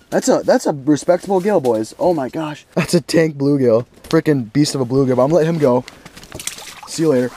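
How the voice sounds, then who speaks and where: A young man vlogging outdoors on a frozen lake, casually talking to his viewers and getting excited. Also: fairly high pitch. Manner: excitable, talks straight to viewers. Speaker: fishing vlogger. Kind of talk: casual vlog commentary.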